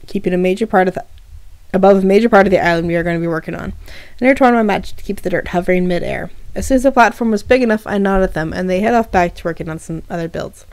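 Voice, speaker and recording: On a livestream, a woman reads her own fan fiction aloud, pausing between passages for casual asides sprinkled with fillers. Her voice is lowish and a little mellow, with no room sound.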